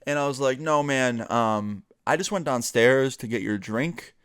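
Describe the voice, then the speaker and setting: A man's voice: mid-range voice, measured pace, a bit bright, clean tone. A young man vlogging a casual storytime, chatty and full of fillers, slipping into the voices of the friends he quotes.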